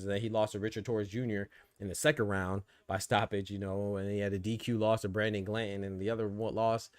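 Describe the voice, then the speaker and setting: Male boxing-show host, low voice, dry close sound, casual and rambling with fillers. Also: a little mellow, no echo. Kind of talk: live boxing commentary chat.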